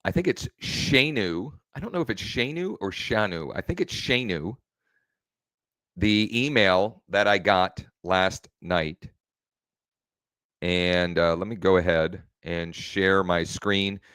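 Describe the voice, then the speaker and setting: Low, slow-talking man hosting a live stream. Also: a bit bright, clean tone, no room sound. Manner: rambling, self-correcting, restarts phrases. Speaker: real estate coach hosting a live stream. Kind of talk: casual live-stream teaching. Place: home.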